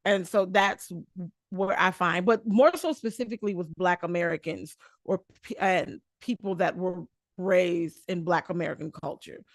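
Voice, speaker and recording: A woman's voice: lowish voice, steady tone, normal speed, dry recording. A woman in a casual group conversation, blunt, opinionated and freely profane.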